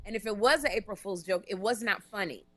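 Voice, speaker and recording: A woman talk show host and comedian telling a story on a casual live stream from a hotel room. She talks in an animated, emphatic way and repeats words for emphasis. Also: mid-range voice, quick pace, crowd noise.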